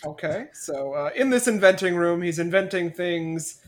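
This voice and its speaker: A woman's voice: lowish voice, expressive, normal speed. A woman in a casual movie discussion, joking and sarcastic, acting out lines from the film.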